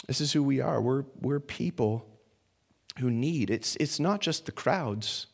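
A man's voice: medium pitch, unhurried, gravelly. A man preaching a conversational sermon that works through a passage verse by verse. He talks informally, doubles up on words as he thinks, and puts questions to his listeners.

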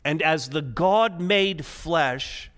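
Male pastor mid-sermon, fairly high voice, dynamic delivery from hushed to urgent. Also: very slow. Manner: swings between quiet, low emphasis and rising, urgent intensity. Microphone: preaching to a live congregation, also streamed online.

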